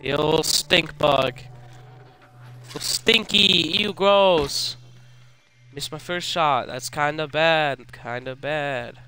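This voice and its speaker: A man's voice: a little high, slow pace, pushed and bright, low-quality recording. A young man streaming a survival game, joking with his viewers and talking to the bugs on screen. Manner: jokey, talks to his viewers and to the game creatures. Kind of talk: live gameplay commentary.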